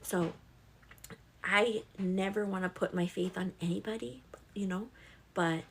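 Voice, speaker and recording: A woman's voice: mid-range voice, fairly even intonation, a little slow, a little hiss or hum. A young pregnant woman hosting a casual live stream, reading viewer comments in a chatty, affectionate way and calling everyone "girl". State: pregnant with twins.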